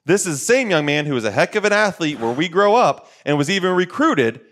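A man's voice: on the high side, sing-song, a little fast, a bit bright. A middle-aged man and former coach, giving emphatic motivational talk on a podcast, repeating lines for stress.

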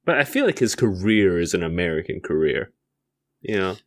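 A man's voice: deep voice, animated, normal speed. A man co-hosting a podcast, trading jokes in casual improvised comedy chat and laughing often. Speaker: podcast co-host.

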